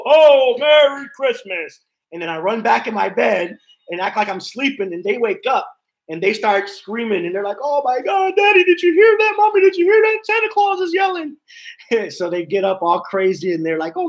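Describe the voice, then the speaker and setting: A man's voice: on the high side, poor audio. A man hosting a casual live stream from his home office, rambling and repeating himself as he reads chat messages aloud. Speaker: livestream host.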